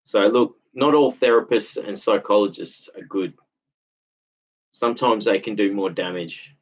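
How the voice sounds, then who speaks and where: A man speaks a little slowly in a lowish voice, captured on dull lo-fi audio. A vlogger, he drifts through an aggrieved casual monologue, returning to the same complaints again and again.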